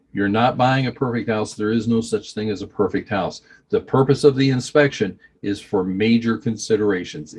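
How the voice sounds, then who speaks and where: Low husky guy walking agents through a contract, folksy and chatty. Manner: folksy, conversational, reads clauses aloud then explains. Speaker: real estate trainer. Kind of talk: training walkthrough of a contract.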